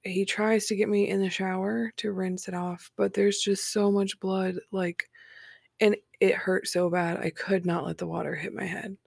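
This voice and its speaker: A woman telling her own story in a candid, matter-of-fact way with dark humor. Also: mid-range voice, level tone, normal speed, gravelly, dry recording, clean studio sound. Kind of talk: personal storytelling, casual.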